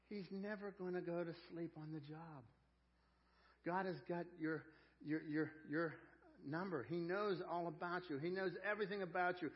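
Earnest pastor with a high-ish male voice. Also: unhurried. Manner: earnest, swings from loud emphasis to quiet intensity; folksy, repeats words while searching for them. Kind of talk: sermon. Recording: dull lo-fi church audio.

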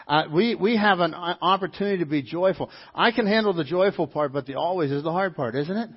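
Male pastor, sermon, husky and slightly high, animated with repeated lines, dull lo-fi recording. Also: fast. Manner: animated preaching with mimicked voices and repetition. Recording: dull lo-fi sound.

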